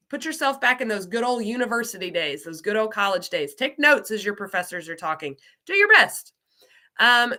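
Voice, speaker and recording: Woman, light Southern American accent, bright clear tone, chatty exclamatory teacher, online class talk. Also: mid-range voice. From Southern United States. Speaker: ESL program coordinator.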